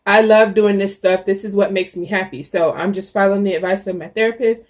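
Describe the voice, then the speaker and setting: A woman's voice: mid-range voice, fairly even intonation, brisk. Chatty woman vlogger, candid and rambling. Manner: chatty and candid, with frequent ums and restarts. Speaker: YouTuber. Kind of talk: casual chat to camera.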